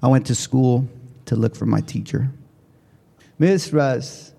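A man giving a motivational keynote speech to educators, telling his story in an animated way with big swings in pitch and volume. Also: slow, gravelly, husky. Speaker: keynote speaker. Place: large conference hall. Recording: long hall reverb.

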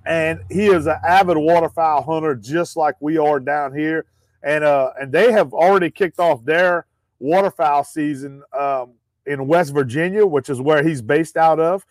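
Folksy podcast host, dry and close. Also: male voice, a little high, normal speed, no room sound. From Louisiana. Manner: folksy, frequent fillers, calls listeners guys. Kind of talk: casual podcast talk.

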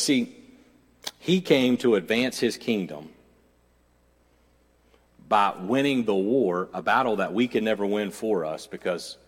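A man pastor preaching a sermon, moving from conversational storytelling with jokey asides to fervent, repetitive declarations. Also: fairly low pitch. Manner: self-deprecating jokey asides. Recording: long reverb of a church hall.

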